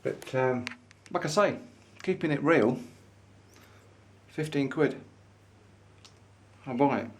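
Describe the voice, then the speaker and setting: A man's voice: mid-range voice, slow, pauses often, a little hiss or hum. A man vlogging, chatting enthusiastically to camera in a pipe maker's showroom. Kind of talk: casual showroom chat to camera.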